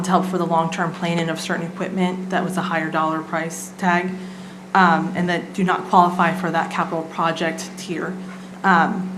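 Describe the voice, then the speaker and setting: A woman, a city staff member presenting a budget item at a council meeting in a casual way with many filler ums. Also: lowish voice. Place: council chamber. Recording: echoey chamber, background noise.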